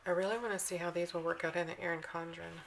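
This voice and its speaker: A woman's voice: lowish voice, fairly even intonation, quick pace, creaky, slight background noise, rough recording. A woman vlogging a casual walkthrough of planner sticker books, reading the slogans aloud in a chatty, admiring way.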